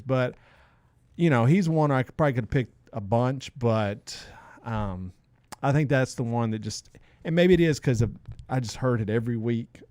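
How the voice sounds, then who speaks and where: A middle-aged man co-hosting a podcast in casual chat, emphatic and quick to laugh. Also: medium pitch, darkish tone, no echo. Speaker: podcast co-host.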